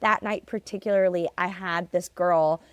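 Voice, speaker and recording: A woman's voice: lowish voice, fairly even intonation, moderate pace, a bit bright, dry recording. A young adult woman hosting a solo podcast, casually telling stories in a chatty way with lots of filler words. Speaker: podcast host.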